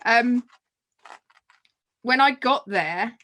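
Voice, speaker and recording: A woman, a podcast guest telling a personal story in an animated way, laughing often and restarting her sentences. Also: fairly high pitch, extremely slow.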